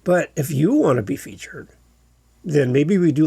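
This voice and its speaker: A man's voice: on the high side, moderate pace, vocal fry, dark tone, husky, dry recording. A man hosting his own podcast, talking casually and with enthusiasm, often restarting his sentences. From Canada. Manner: chatty and enthusiastic, with frequent restarts. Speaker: podcast host. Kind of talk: casual solo podcast talk.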